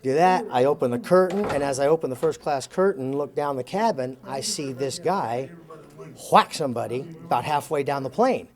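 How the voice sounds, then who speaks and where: A man telling a long anecdote in an interview. He acts out the quoted lines with lively changes of voice and chuckles as he goes. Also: medium pitch, normal speed. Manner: chuckles while telling the story. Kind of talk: animated storytelling.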